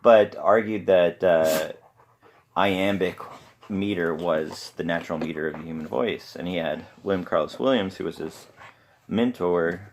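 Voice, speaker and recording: A man with a very low voice talks through his subject in a loose, rambling way. He hesitates often and fills his pauses with ums. He keeps adding modest, self-deprecating asides. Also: a little hiss or hum. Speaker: podcast host. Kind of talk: casual rambling lecture.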